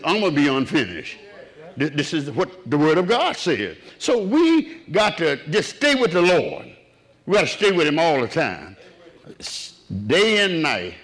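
A man preaching a sermon, swinging from low, quiet murmurs up to raised cries.

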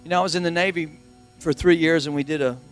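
A middle-aged man preaching a sermon as pastor, driving points home with emphatic repetition and swings from hushed to loud. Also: a little high, fairly even intonation, fast talker, soft background music.

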